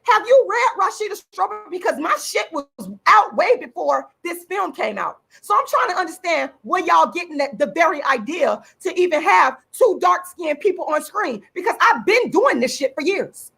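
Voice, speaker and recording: An enraged woman rants on her livestream, swearing and repeating her points. Her voice is high and swoops widely, with a gravelly edge and a bright, forceful tone. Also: big pitch swings, moderate pace, hardly any pauses. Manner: furious, profane, repeats points for emphasis. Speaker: channel host and activist. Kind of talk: angry livestream rant.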